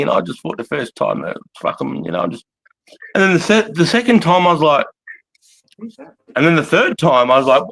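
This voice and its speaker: A man's voice: medium pitch, very animated, brisk, vocal fry, fairly bright tone, dry recording, rough recording. A man with an Australian accent hosting a live chat, talking bluntly and swearing as he rants about local gripes. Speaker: live stream host.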